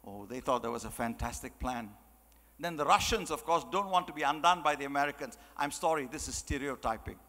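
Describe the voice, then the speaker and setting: A man's voice: on the high side, fairly quick, sharp tone, in a large hall. A man giving a chatty, joking motivational talk, full of "you know"s. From Malaysia. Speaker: motivational speaker. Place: large hall.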